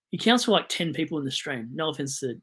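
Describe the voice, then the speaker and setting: A young Australian man hosting a casual live stream, excitable and digressive, jumping from loud outbursts to mumbled asides. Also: fairly high pitch, fairly quick, husky.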